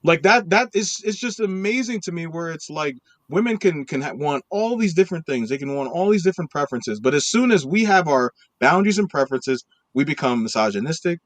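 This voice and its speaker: A man's voice: a little high, lively intonation, a little fast, hardly any pauses, dry recording. A man co-hosting a casual podcast, arguing his points emphatically and often checking with "right?". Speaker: podcast co-host.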